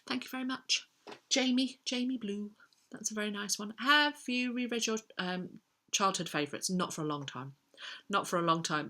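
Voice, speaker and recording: A woman's voice: medium pitch, a bit bright. A middle-aged woman, chatting casually as a book vlogger answering viewer questions, with frequent ums as she thinks aloud. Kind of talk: casual chat.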